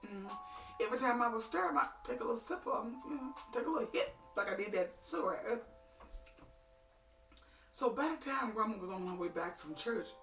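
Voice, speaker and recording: A middle-aged woman telling funny stories in an animated, folksy way, calling her listeners honey and child. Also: medium pitch. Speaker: storyteller. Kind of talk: comic storytelling. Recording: echoey room, distant mic, faint music.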